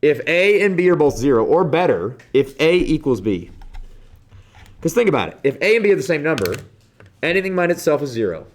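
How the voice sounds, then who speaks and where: A man with a Midwestern accent, teaching a math review lesson in a classroom, animated and joking as he talks through each step. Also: a little high, brisk. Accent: Midwestern American. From Midwestern United States.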